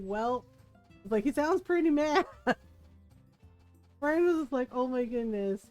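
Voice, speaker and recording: A woman's voice: sits high, animated, moderate pace, pauses often, darkish tone, no room sound, faint music behind. A woman streaming a video game, chatting casually and rambling with frequent giggles. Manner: giggly, laughs often between rambling remarks. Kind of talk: casual chat while playing a video game.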